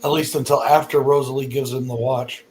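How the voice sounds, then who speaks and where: Man, podcast host, rambling casual talk, middle pitch, faint noise. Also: level tone, brisk, rough recording. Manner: rambling, lots of fillers. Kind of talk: casual chat.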